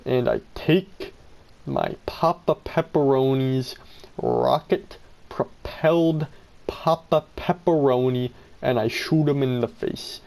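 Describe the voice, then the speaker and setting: A man telling a comic story about his role-play game in a deadpan, mock-dramatic way. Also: medium pitch, slow pace, gravelly.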